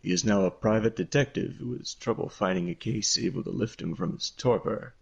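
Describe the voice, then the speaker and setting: A man voicing a gruff, slow male noir narrator in a goofy put-on New York style. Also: on the low side, muffled recording. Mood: brooding. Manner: goofy, exaggerated slow delivery.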